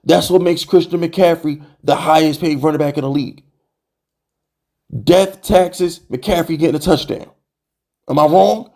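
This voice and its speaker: A man's voice: fairly high pitch, a little slow, vocal fry. Fired-up man ranting about his team. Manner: animated, exasperated, repeats "bro" and rhetorical questions. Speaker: sports fan channel host. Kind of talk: heated fan rant to camera.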